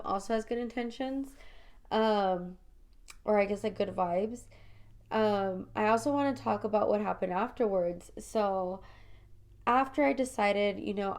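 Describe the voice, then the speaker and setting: A woman talks alone into her podcast mic in a reflective, confessional way. Her voice sits at an ordinary middle pitch. She keeps saying "you know" and "like", and she calls her listeners "you guys" in a casual, heartfelt monologue. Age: adult mother of school-age children. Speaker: podcast host. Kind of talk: personal spiritual podcast monologue.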